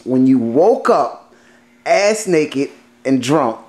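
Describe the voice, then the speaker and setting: A man in his thirties acting as a deadpan interviewer in a comedy sketch. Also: medium pitch, slow pace.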